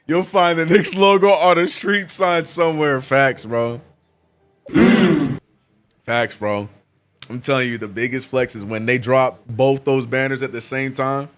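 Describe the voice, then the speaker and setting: Bright-voiced man calling a game live. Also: fairly high pitch, steady tone. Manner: laid-back banter, reads chat aloud, gets loud and drawn-out calling plays. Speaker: streamer hosting a live game watch-along. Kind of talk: casual chat and play-by-play commentary.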